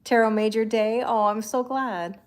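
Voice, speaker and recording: A woman hosting a live tarot stream from home, chatting casually with viewers, reading out their comments and answering them, and cooing to her cats in a high baby-talk voice. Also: fairly even intonation, moderate pace. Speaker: tarot reader hosting a livestream.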